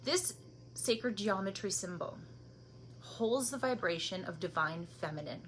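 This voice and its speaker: A woman's voice: medium pitch, lively intonation, a little slow, slight background noise. A woman giving a weekly spiritual energy reading, speaking with feeling and often dropping into a near whisper. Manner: emotional, breathy asides, laughs and near tears; soft, drops to near-whispers. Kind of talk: spiritual card reading monologue.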